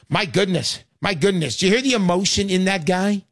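A man's voice: sits high, fairly quick, hardly any pauses, fairly bright tone, no room sound, clean studio sound. A man hosting a call-in radio show, talking in a brash, salesy, joking way.

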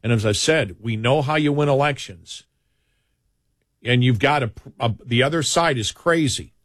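A man co-hosting a political talk radio show offers indignant commentary, repeating himself and restarting in rambling fashion as he builds his points. His medium-pitched voice is a bit bright and moderately paced, recorded at studio quality with no room sound.

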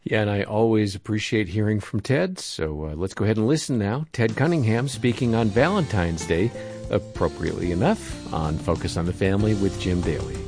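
Low-voiced male radio announcer over music. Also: fairly quick. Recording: music bed underneath.

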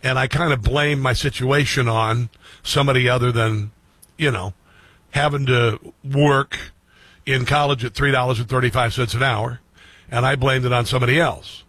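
A man's voice: mid-range voice, fairly even intonation, moderate pace, fairly bright tone, breathy edge, dry recording. A middle-aged man hosting a radio and streaming talk show, speaking earnestly to his listeners and repeating phrases for emphasis. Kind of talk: personal monologue to listeners.

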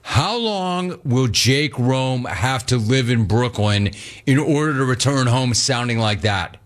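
Brief: male talk-radio host, mid-pitched, energetic, slangy, riffing between calls. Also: slow pace.

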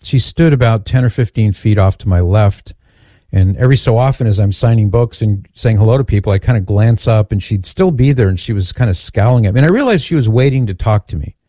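A man's voice: on the low side, fairly quick, dark tone, no room sound, studio quality. A man speaking at a Christian event who tells a personal story in a conversational, candid way and pokes fun at himself. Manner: conversational, candid and self-deprecating. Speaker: Catholic speaker and author. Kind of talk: storytelling talk.

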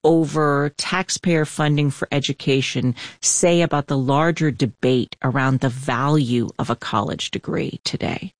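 A woman radio host asking a guest questions and thanking her, clear and composed. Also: sits low, unhurried, few pauses, no echo. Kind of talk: radio interview.

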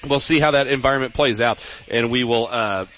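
A man hosting a radio football pregame show from a sports grill, with a brisk, upbeat announcer delivery. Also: mid-range voice, fairly bright tone. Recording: dull radio broadcast with faint noise.

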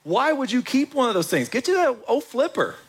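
Animated preacher man, lively pitch. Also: brisk, husky. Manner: animated, acts out quotes in voices. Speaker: pastor. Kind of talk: sermon.

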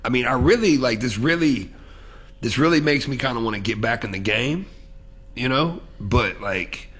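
A man co-hosting a casual talk show, joking and telling animated stories. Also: medium pitch, moderate pace, breathy edge. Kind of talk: casual chat.

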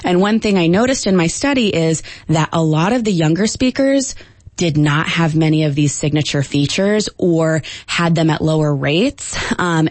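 Deep-voiced lady professor explaining stuff in an interview, dry close sound. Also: darkish tone, no echo. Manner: fluent and explanatory, with fillers. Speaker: linguistics professor.

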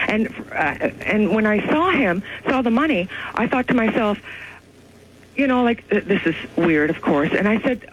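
Woman, caller, high voice, breathless storytelling, dull phone line, faint noise. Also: animated, quick pace. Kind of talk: phone-in call to a radio show.

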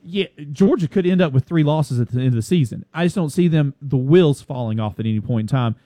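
A man's voice: fairly high pitch, expressive, brisk, dark tone, dry recording. Male co-host, dry and close, hammers the same point over and over. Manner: emphatic, repeats his points. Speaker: sports talk co-host. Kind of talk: casual sports debate.

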